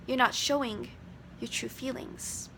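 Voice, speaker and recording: A woman's voice: high-pitched, steady tone, unhurried, vocal fry, a bit bright, a little hiss or hum. A woman in her twenties, earnestly explaining ideas from her studies in a casual vlog. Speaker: vlogger.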